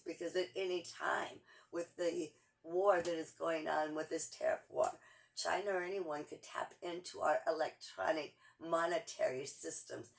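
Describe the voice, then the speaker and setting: A woman's voice: low voice, vocal fry, a bit bright. A woman giving a frustrated, urgent political monologue, repeating phrases as she pleads and rails. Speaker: political commentator.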